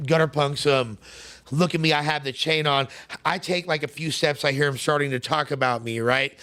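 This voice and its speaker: A man's voice: fairly high pitch, fairly even intonation, moderate pace, bright, forceful tone, smooth. A man telling stories as an interview guest, in slangy, streetwise casual talk with lots of fillers, acting out the people he quotes. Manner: acts out the voices of people he quotes.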